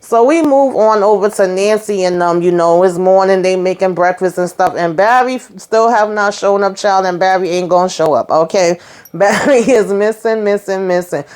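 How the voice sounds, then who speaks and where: A woman's voice: mid-range voice, normal speed, darkish tone, clean tone. A woman hosting a casual TV episode recap, chatty and rambling with lots of "you know" asides. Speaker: host.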